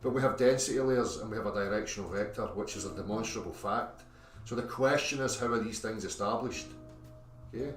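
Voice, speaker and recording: A man's voice: on the low side, a little fast. Man lecturing methodically, roomy echo, distant from the mic. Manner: methodical, keeps checking in with "okay?" and "right?". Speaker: video presenter. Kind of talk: explanatory lecture. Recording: echoey, distant clip with music.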